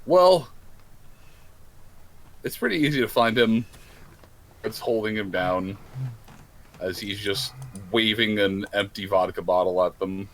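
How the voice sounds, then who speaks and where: Low-voiced man running a tabletop game. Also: unhurried, pauses often, fairly bright tone, low-quality recording. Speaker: game master. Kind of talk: narrating a tabletop role-playing game.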